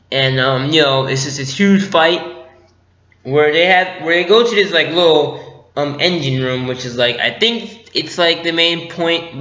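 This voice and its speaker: A man riffs through a casual movie review, joking, giggling and playing out scenes. His voice is bright and slightly high. The audio is dull and lo-fi, with a roomy echo. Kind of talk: casual spoiler review vlog.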